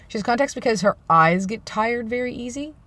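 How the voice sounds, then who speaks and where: A man's voice: very high-pitched, expressive, a little fast, pushed and bright, dry recording. Male vlogger, loose rambling chat, dry sarcastic humor. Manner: rambling, self-described sarcastic joker. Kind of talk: casual vlog monologue.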